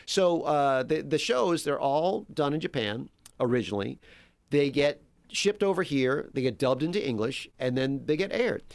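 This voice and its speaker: A middle-aged man chatting casually as a guest, telling stories in an animated, self-deprecating way. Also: a little high, moderate pace, vocal fry, no echo. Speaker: guest on a talk podcast. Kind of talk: casual chat, storytelling.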